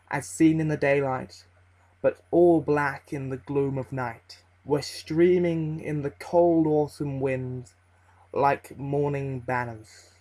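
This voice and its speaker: A man reads a scripted horror story in a slightly high-pitched voice. He takes his time and keeps a measured, ominous tone throughout. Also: darkish tone, poor audio.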